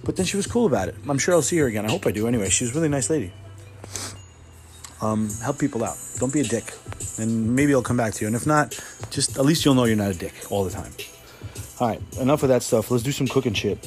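A man's voice: mid-range voice, lively intonation, quick pace. Young male podcast host, mid-range voice, loose and profane, rambles through his stories over faint music. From New Jersey. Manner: profane, rambling, self-correcting. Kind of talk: casual solo podcast storytelling.

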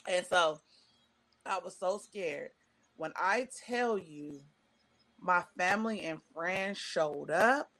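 A woman's voice: fairly low pitch, takes it slowly. A middle-aged woman, a stand-up comedian, telling a long personal story in casual chat, acting out quotes from the people in it. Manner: animated, quotes people in voices, emotional.

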